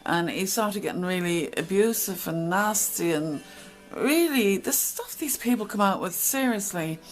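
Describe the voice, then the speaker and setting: A woman's voice: mid-range voice, expressive, a little slow, faint music behind, low-quality recording. A middle-aged woman telling stories from her past in a casual, blunt monologue. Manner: chatty, blunt, acts out quoted exchanges. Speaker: channel host.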